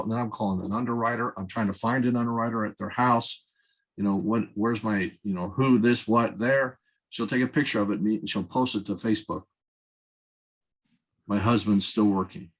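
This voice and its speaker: A man's voice: lowish voice, brisk, poor audio. A man in his fifties speaking as a podcast guest, earnest and emphatic, repeating words for stress. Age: 50s. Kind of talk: candid conversational talk.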